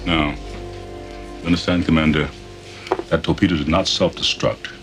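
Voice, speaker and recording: A man voicing a stern, secretive male government agent in a grave, clipped, hushed delivery. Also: extremely low pitch, fairly even intonation, normal speed, music in the background, voice pushed down.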